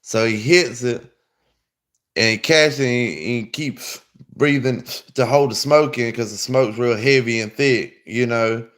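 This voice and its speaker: A man's voice: medium pitch, unhurried, fairly bright tone. A man telling a long, rambling story in casual chat, full of slang and swearing. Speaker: podcast host.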